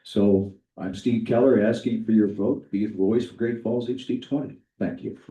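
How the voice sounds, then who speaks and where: Dark-voiced middle-aged man in an echoey hall. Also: fairly low pitch, fairly even intonation, normal speed, distant mic. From Washington State. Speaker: candidate at a townhall. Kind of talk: prepared campaign speech. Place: public meeting hall.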